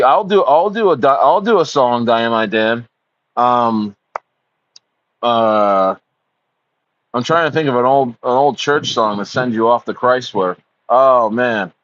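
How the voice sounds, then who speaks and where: An American man hosts a casual livestream, rambling with plenty of ums and uhs, swearing, and calling his viewers "bro." His voice is medium-pitched and a bit bright, in a dry, muffled recording.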